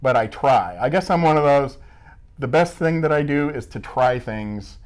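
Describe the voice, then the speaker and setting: A middle-aged man from Iowa in a relaxed interview, his pitch rising and falling with each story. He jokes and pokes fun at himself. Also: moderate pace. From Midwest US, Iowa. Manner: joking, self-mocking storyteller. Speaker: school staff member being interviewed. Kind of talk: casual interview chat.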